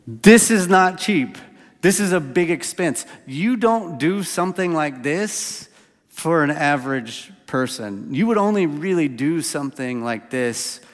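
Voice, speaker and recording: A man's voice: a little high, lively intonation, a little slow. Casual-talking male preacher in a reverberant hall. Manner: conversational, with many fillers like "like" and "right?". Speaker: pastor. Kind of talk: sermon.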